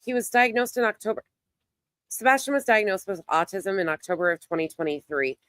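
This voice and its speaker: A woman's voice: mid-range voice, lively intonation, fairly quick, fairly bright tone, no echo. A woman hosting a casual livestream who talks bluntly, swears and greets her chat by name, and she is losing her voice. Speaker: livestream host.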